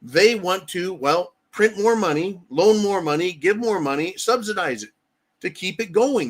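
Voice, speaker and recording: A man's voice: high voice, expressive, unhurried, breathy edge. Blunt, profane American man. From United States. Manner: blunt, swears freely, keeps asking "right?". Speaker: livestream host. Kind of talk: casual political commentary.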